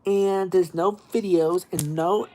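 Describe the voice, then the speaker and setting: A woman's voice: fairly low pitch, steady tone, takes it slowly, dark tone, a little hiss or hum, pitched above the performer's own voice. A streamer mimicking a stern adult woman who announces the rules of a haunted hayride in a formal manner. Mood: announcing.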